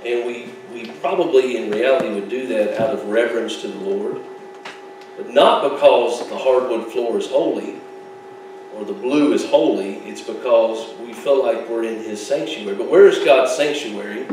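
A male pastor preaches in a relaxed, folksy way, mixing jokes into his points. His voice rings out from a little distance in a very echoey church sanctuary, with faint room noise behind. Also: mid-range voice, normal speed. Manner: folksy, joking asides with laughs. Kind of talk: sermon.

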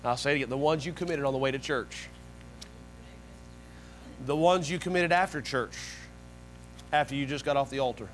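A man preaching a sermon as pastor, animated, swinging between soft low asides and loud high-pitched bursts. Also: normal speed, long pauses, a little hiss or hum, rough recording. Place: church sanctuary.

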